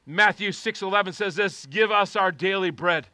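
High, bright-voiced preaching pastor. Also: male voice, moderate pace, no echo. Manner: passionate preaching, swinging from quiet prayer to shouting. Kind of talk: sermon.

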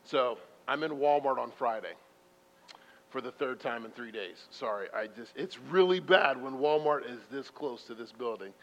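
A man preaching a sermon in a church, telling stories in a conversational, self-deprecating way with sudden loud bursts. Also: mid-range voice, moderate pace. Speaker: pastor. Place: church sanctuary. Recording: muffled reverberant hall recording.

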